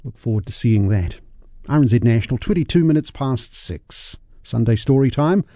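A man presenting a radio story slot, relaxed and conversational. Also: medium pitch, normal speed, no echo, clean studio sound. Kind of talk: radio continuity announcing.

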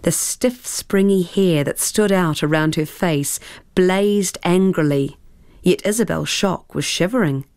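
Slow, hushed woman storyteller. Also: lowish voice, dry recording, studio quality. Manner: hushed, measured, dropping to whispers. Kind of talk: storybook reading aloud.

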